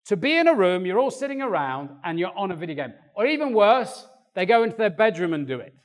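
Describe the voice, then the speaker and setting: An older man preaching a sermon in a church, animated and acting out quoted voices. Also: high-pitched, fast. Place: church hall. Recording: long reverb of a church hall.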